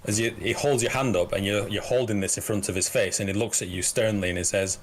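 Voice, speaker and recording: Brief: low male game master, narrates in halting bits with plenty of "uh". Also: steady tone, a little hiss or hum. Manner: halting narration, full of "uh" and restarts.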